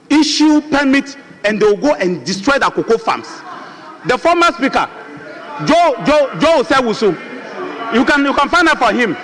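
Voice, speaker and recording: A Ghanaian man speaking in parliament, driving home his points with repeated rhetorical questions. His voice sits very high and rings bright and forceful. The long reverb of a large parliament chamber trails behind every word. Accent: Ghanaian English. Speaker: member of parliament. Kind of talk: parliamentary debate speech.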